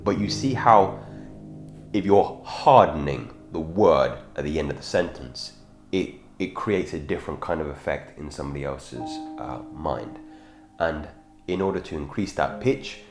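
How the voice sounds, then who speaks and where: A man hosting a self-improvement channel, giving a measured instructional talk on speaking and often correcting himself mid-sentence. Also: very deep voice, lively intonation. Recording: echoey room with background guitar music.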